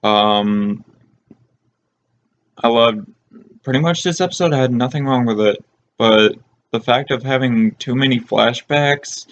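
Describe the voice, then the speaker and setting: A man's voice: mid-range voice, unhurried, long pauses, lo-fi sound. A man co-hosting a review, giving his opinion in a casual, hesitant way with fillers.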